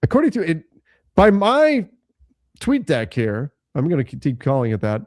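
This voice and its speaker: A man's voice: a little high, huge pitch swings, moderate pace, darkish tone, dry recording, clean studio sound. A man co-hosting a live basketball draft show, chatting casually and laughing often. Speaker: podcast co-host.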